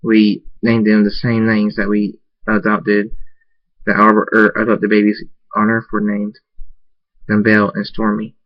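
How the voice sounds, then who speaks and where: A man's voice: lowish voice, monotone, a little slow, no echo. A man reading his own first-person fan story aloud, often stumbling and repeating words as he goes. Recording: dull lo-fi recording.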